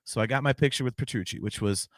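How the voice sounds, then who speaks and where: Excited rambling man telling a story. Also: mid-range voice, fast talker, dry recording, studio quality. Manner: rambling, excited, swears casually. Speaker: podcast host. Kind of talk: casual storytelling chat.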